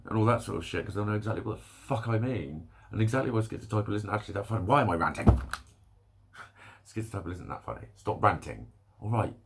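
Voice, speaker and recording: A man's voice: fairly low pitch, creaky, slightly rough. A man in a rambling solo vlog rant, swearing often and breaking off mid-sentence. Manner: rambling, swearing, self-interrupting. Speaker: vlogger. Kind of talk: candid solo rant to camera.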